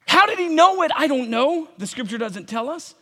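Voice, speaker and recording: High-voiced, bright-toned man preaching. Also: sing-song, moderate pace. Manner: impassioned preaching, rising to shouts, calls to the congregation. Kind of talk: sermon. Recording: long reverb of a large hall.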